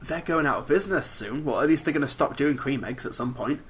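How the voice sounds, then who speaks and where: A man's voice: mid-range voice, expressive, quick pace, fairly bright tone, slightly rough. A man from England co-hosting a podcast over a call, dry and teasing as he reads out listener questions. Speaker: podcast co-host. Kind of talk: casual podcast chat. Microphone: remote call.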